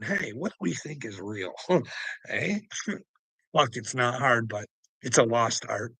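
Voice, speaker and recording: Gravelly, husky man ranting profanely. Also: mid-range voice, a bit bright, dry recording. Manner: swears constantly, rambling and preachy. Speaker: vlogger. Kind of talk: profane rambling monologue to camera.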